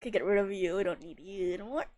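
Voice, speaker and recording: A young woman streamer chatting casually with her viewers, giggly and gushing, breaking into laughter and excitable outbursts. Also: mid-range voice, racing, no room sound. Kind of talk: casual live gameplay chat.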